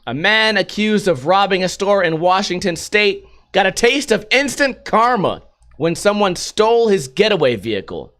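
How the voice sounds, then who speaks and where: A man's voice: sits high, normal speed. A man hosting a casual podcast, swearing freely and acting out the people in his stories as he reads and riffs on news items. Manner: profane, animated retelling with acted-out quotes. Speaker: podcast host. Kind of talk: casual storytelling and news commentary.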